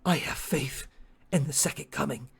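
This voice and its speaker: A man voicing a calm male sage who bends time, speaking quietly, steadily and with resolve in a tabletop game. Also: fairly high pitch, moderate pace, vocal fry, slightly rough, heavily acted. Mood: serene.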